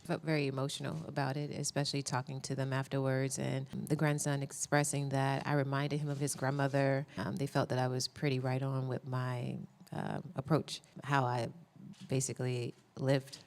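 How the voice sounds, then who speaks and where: A woman, an actress at a press conference, speaking in an earnest, measured, heartfelt way. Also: rumbling low, flat delivery, a little mellow.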